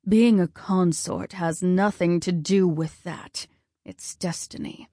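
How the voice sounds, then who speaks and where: A woman voicing a stern, commanding male war god who speaks slowly and ominously, at times in a hush. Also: on the low side, fairly even intonation, dry recording, studio quality. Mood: measured, ominous.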